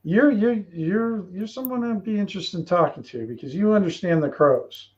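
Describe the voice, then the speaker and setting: A man narrating as game master of a tabletop game in a relaxed, rambling way. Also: high voice, normal speed, dull audio.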